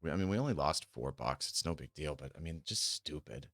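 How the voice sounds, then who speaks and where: Man, very low voice, casual live-stream talk, muttering, faint music behind. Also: lively intonation, fairly quick, a bit bright, no echo, clean studio sound. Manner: muttering, swears when frustrated. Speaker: streamer trading options.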